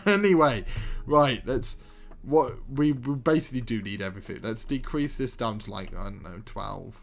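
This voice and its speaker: A man's voice: medium pitch, lively intonation, moderate pace, gravelly. A young man commentating his own game on a livestream, exasperated and laughing nervously as he talks to himself. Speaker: streamer. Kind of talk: live gameplay commentary.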